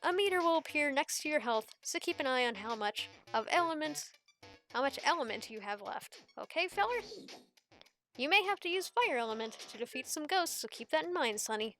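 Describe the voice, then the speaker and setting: A woman playing a chatty old professor who rambles through his explanations in a folksy, grandfatherly way. The voice stays high and bright, with faint game music in the background. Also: expressive, a little fast. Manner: folksy, lecturing, calls the listener sonny and feller.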